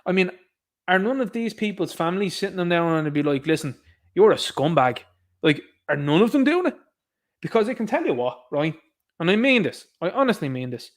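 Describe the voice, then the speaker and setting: A young Irish man rants on his livestream, indignant and sarcastic. His voice sits a little higher than most men's, and he keeps turning to his listeners as lads. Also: very animated, fairly quick. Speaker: livestream host. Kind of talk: ranting livestream commentary.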